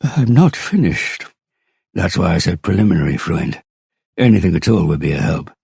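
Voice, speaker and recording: Audiobook: man doing a worn-out, hoarse inspector, very deep, gravelly, terse. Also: sing-song, normal speed, warm tone, dry recording, studio quality, full character voice. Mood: urgent. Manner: terse, tired, blunt. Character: weary, blunt male police inspector.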